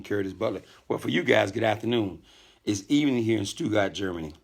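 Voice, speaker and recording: A middle-aged man hosting a casual live stream from a hotel room, talking calmly, greeting viewers by name and often repeating himself. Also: fairly low pitch, fast, creaky. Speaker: network marketing leader hosting a live stream.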